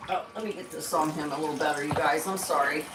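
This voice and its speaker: A woman's voice: low-pitched, steady tone, fast talker, noisy background. Chatty woman live-streaming from a roomy home. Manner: chatty, coaxing pet talk to her bird. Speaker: livestream host with her pet bird. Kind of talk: casual live-stream chat. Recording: roomy, distant mic, faint running water.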